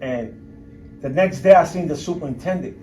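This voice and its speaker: A man's voice: fairly high pitch, moderate pace, warm tone, slight background noise. A middle-aged man giving a candid, blunt talk to an audience as a guest speaker, streetwise and emphatic, with coarse language. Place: university lecture room. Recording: voice picked up from a distance.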